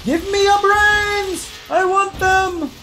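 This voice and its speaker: A woman putting on the voice of a ravenous zombie during gameplay, shouting in a high, drawn-out moan. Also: fairly even intonation, rough recording. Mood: hungry menacing. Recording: game music underneath.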